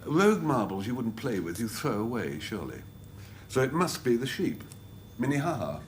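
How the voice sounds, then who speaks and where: A man's voice: medium pitch, very animated, moderate pace, a little hiss or hum. A middle-aged man, a team captain on a panel game, teasing and joking. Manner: jokey, teasing.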